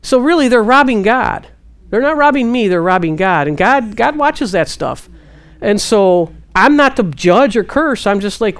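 A woman giving casual Christian teaching, answering a question and acting out her own prayers. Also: moderate pace. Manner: animated, quotes God in hushed low voice.

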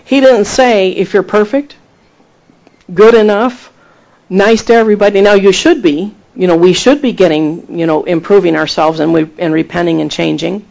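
A man preaching a sermon, retelling scripture with emphatic, animated delivery and acted-out quotes. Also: sits high, moderate pace, vocal fry, poor audio. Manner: animated storytelling, acting out quoted voices; emphatic, rising to exhortation.

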